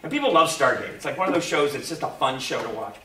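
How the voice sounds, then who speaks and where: Lively male host in an echoey room. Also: fairly high pitch, fast, recorded from a distance. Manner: lively storyteller, acts out the people in his story. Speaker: convention panel host. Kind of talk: animated anecdote to a live audience. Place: convention panel room.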